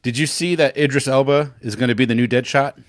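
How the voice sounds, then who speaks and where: A man co-hosting a casual podcast, chatting loosely and swearing, then reading voice-over lines slowly and low. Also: dry recording, clean studio sound. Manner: laid-back, swears casually, reads slow and low for takes.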